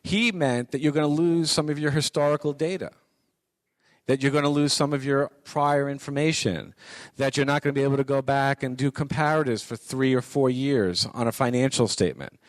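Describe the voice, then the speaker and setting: A man's voice: medium pitch, fairly even intonation, a little fast, no echo. A middle-aged man giving a conversational lecture to college students, repeating his points for emphasis. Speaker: guest speaker on business writing.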